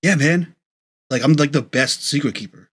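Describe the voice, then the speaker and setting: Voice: mid-range voice, normal speed, fairly bright tone, slightly rough. A game master voicing a brash, upset teenage boy who complains and swears. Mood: eager. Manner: indignant, whiny, swearing.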